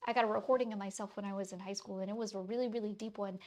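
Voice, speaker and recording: A woman's voice: mid-range voice, steady tone, very fast, darkish tone. A woman in her thirties with a faint Wisconsin accent, chatting casually with her stream audience while drawing, rambling with lots of fillers. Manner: rambling, many fillers and restarts.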